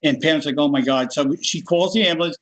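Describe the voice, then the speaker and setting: A middle-aged man with a fairly high voice tells a personal story in a relaxed, conversational way. He livens it up by acting out the other people's lines in changed voices. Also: fairly quick, low-quality recording. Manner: animated, acts out other people's voices in his stories. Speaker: guest. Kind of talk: casual storytelling.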